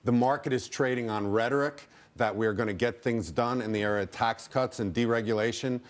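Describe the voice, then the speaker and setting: A man's voice: mid-range voice, fairly even intonation, fairly quick. Cautious male market analyst. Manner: cautious, stumbling starts. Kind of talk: live TV interview.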